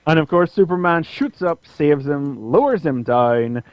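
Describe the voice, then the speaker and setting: A man's voice: a little slow, no echo. A man co-hosting a podcast, casually retelling a comic with many restarts and fillers. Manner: animated retelling, puts on squeaky voices for characters. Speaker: podcast co-host reviewing comics. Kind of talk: casual chat. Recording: dry, dull lo-fi audio.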